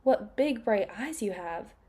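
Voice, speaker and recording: An innocent little girl in a red hood asks her questions with wide-eyed earnestness, as a woman reads her part. The voice stays gentle and mellow. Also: mid-range voice, expressive, a little slow, slightly rough. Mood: curious.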